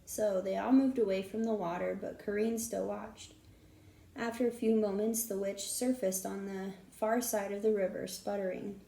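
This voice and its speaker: A woman narrating a children's story aloud with a steady, expressive reading. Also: mid-range voice, moderate pace, vocal fry. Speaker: audiobook narrator. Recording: roomy echo.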